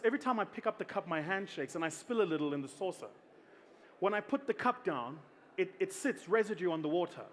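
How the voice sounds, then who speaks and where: A middle-aged South African man giving a keynote, telling a story in an animated, humorous way. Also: high-pitched, a little hiss or hum. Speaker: keynote speaker.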